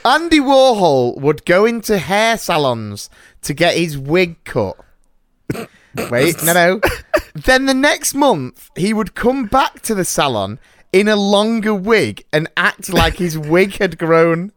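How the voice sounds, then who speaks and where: A man co-hosting a casual banter podcast, excitable and jokey, who laughs at his own jokes. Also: high-pitched, slow, no echo, studio quality. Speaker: podcast co-host.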